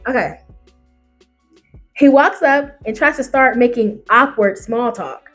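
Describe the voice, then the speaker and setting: A woman who reads online stories aloud as a YouTuber. She reacts with sass and loud outbursts, and calls her listeners baby and honey. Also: a little high, measured pace, faint music behind. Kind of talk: animated reaction reading.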